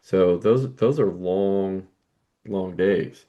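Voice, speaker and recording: A man co-hosts a coaching podcast in a low voice. He chats casually, dropping "you know" and "right" between his points. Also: very slow, highs cut off.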